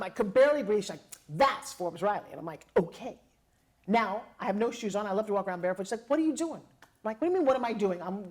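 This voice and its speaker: Middle-aged lady telling stories to a crowd, lively, does all the voices with little laughs. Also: mid-range voice. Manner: lively, acts out quoted dialogue with laughs. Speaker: motivational speaker. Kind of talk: personal storytelling to an audience.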